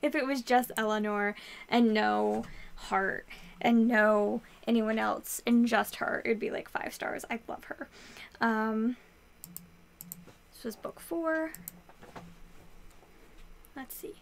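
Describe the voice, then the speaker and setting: Chatty young woman with a high voice. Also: slow pace, gravelly, pauses often, slight background noise. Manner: chatty, lots of "like" fillers. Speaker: book vlogger. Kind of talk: casual book review chat.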